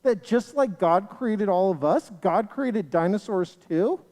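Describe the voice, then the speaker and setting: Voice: medium pitch, expressive, measured pace, mellow, big-room sound, lightly acted. A storyteller voicing Moses as a wise, indignant old man in a children's story.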